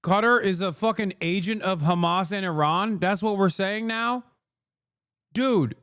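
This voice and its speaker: A man's voice: sits high, sing-song, a little slow, fairly bright tone, no echo, clean studio sound. A man hosting a live stream, reacting to clips with exasperated, profane ranting. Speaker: streamer host.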